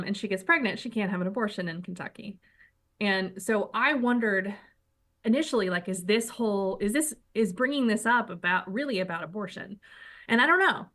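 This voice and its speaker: Brief: female political talk co-host, mid-pitched, opinionated and wry, builds her argument step by step. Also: a bit bright. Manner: opinionated, sardonic, argues point by point. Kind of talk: political talk show chat.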